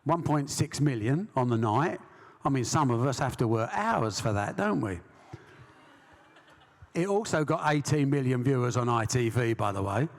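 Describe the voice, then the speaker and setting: A man's voice: medium pitch, lively intonation, normal speed, long reverb tail. A man with an English accent, a sports promoter telling brash stories in a live stage interview and acting out the voices. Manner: brash anecdotal storyteller, acts out voices. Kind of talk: storytelling interview.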